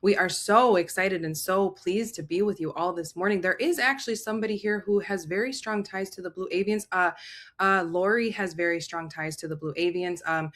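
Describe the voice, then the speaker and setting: A woman channeling an excitable collective of benevolent alien beings, speaking in an eager, formal group voice over a video call. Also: lowish voice, fairly quick, natural voice. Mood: excited. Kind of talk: channeled speech. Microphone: video call mic.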